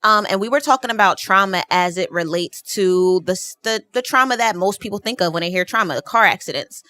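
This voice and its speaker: A woman's voice: mid-range voice, brisk, pushed and bright. A woman from New Jersey, a podcast guest in a studio, chatting casually and often laughing as she talks.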